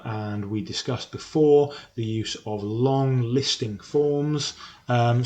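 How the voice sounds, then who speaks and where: Guy going through a poem line by line, lots of ums, mid pitch voice. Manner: explanatory, frequent ums and uhs, self-correcting. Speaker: English literature teacher. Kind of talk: recorded lesson on poetry analysis.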